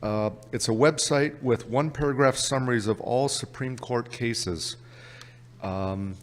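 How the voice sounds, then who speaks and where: A man with a Canadian accent presenting an exam prep workshop at a conference, brisk and upbeat. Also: medium pitch, in a large hall. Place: conference session room.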